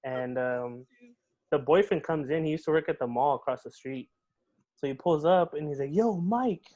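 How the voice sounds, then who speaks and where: A young man telling a story in casual chat on a podcast, animated and swearing a lot. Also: mid-range voice, moderate pace, dull audio. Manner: animated, swears often, says "bro" and "dude". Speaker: podcast guest.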